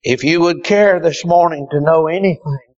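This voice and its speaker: A male preacher delivering an impassioned sermon, dropping to hushed tones and rising to shouts. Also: moderate pace, no echo, muffled recording. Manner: impassioned, swinging from hushed lows to shouted peaks.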